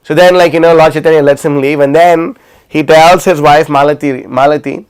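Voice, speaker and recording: Storytelling man with a smooth voice. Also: a little high, fairly even intonation, a little fast. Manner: retells stories with many fillers and restarts. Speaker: class speaker. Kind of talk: storytelling class talk. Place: livestreamed class.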